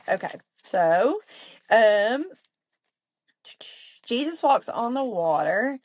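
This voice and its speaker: A woman's voice: on the high side, sing-song, slow pace, pauses often, dry recording. Earnest chatty woman teaching the Bible. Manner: chatty and earnest, with many fillers and asides. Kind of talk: casual Bible study talk.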